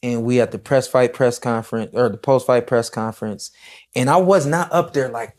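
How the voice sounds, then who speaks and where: Man, retired boxer, casual storytelling, reflective, quotes himself, mid pitch. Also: normal speed, a little mellow.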